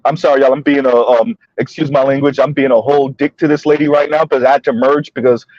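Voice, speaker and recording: A man's voice: mid-range voice, fairly even intonation, fast, darkish tone, dry recording, lo-fi sound. A man hosting a casual commentary channel while driving, chatting loosely, laughing often and tagging sentences with "right?". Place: inside a car on the road.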